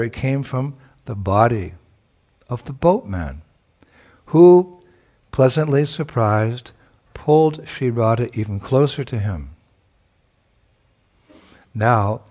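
Male preacher, storytelling sermon; unhurried, reflective, gentle asides and word-searching. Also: medium pitch. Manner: reflective, with chuckles and searching for words.

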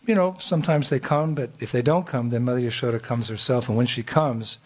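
Husky man telling a devotional story. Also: mid-range voice, fairly even intonation, a little fast, a little mellow. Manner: chuckles often, many restarts and fillers. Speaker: spiritual storyteller.

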